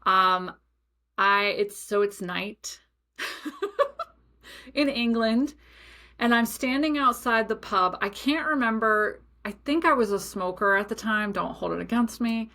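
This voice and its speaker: A young adult woman hosting a podcast, telling a personal story in a chatty, animated way with many asides. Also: a little high, slow. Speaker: podcast host. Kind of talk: casual storytelling monologue.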